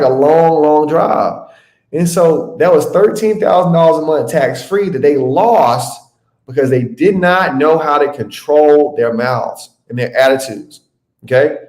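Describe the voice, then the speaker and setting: A man's voice: on the high side, a little mellow. A man teaching a live webinar in a conversational way, often checking in with "okay?" and "y'all.". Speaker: webinar instructor. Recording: echoey room.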